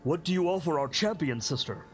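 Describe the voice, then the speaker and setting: A man voicing a reverent male Goliath clan leader who speaks in a low, grave, respectful way. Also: animated, fairly quick, a little hiss or hum, lightly acted.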